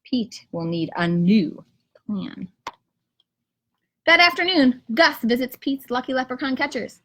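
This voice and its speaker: A kindergarten teacher reading a picture book aloud to children on a live stream from home, with lively storytelling. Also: female voice, sits high, a little slow. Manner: lively storytelling, rhymes read with bounce. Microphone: camera or phone on a live stream.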